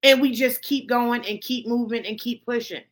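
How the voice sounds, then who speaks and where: Her voice is a little high, her intonation fairly even, and she talks at a normal speed. She's the host of a gossip commentary show, delivering blunt, heavily profane remarks to camera and repeating herself for emphasis.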